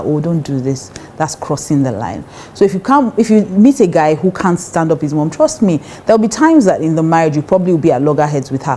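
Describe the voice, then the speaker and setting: Emphatic Nigerian woman with a low voice. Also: warm tone, a little hiss or hum. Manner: emphatic, acts out quoted voices, laughs often. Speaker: relationship advice speaker. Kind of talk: casual advice talk.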